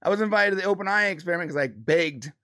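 Guy with a higher voice, animated casual chat, lots of restarts. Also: very fast. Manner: animated, restarts a lot, laughs. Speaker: co-host of a live pop culture show.

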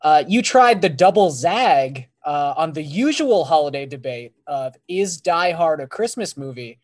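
A man in casual podcast chat with a measured, dryly teasing way of talking. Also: on the high side, lively intonation.

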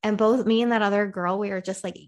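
A woman's voice: mid-range voice, quick pace. A young woman co-hosting a casual chat, telling stories with energy and acting out the voices in arguments. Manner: animated storyteller, acts out quoted arguments.

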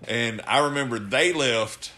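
Man, co-host, bright voice, profane storyteller. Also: mid-range voice, a little slow. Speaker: podcast co-host. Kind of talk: casual chat.

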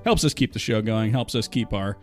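A man's voice: fairly low pitch, fairly quick, a little mellow, soft background music. A man hosting a podcast, talking casually in a rambling, self-deprecating and wry way. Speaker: podcast host. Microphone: studio microphone.

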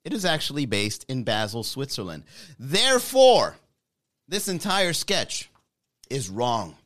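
A man's voice: mid-range voice, big pitch swings, unhurried, fairly bright tone. A man voicing a fussy, pedantic internet commenter who corrects every detail. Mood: indignant. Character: nitpicking know-it-all internet commenter, male.

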